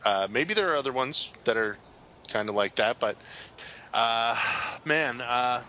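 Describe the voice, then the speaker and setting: A man's voice: mid-range voice, animated, unhurried, bright, forceful tone, lo-fi sound, a little hiss or hum. A man co-hosting a podcast in casual chat, rambling and hesitant with a lot of fillers. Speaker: podcast co-host.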